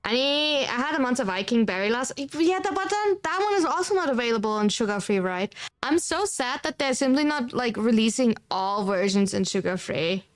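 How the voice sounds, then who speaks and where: A woman's voice: a little high, lively intonation, brisk, few pauses. A woman from Germany with a German accent, streaming and chatting casually, rambling and filling her talk with "like" as she answers chat. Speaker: livestreamer.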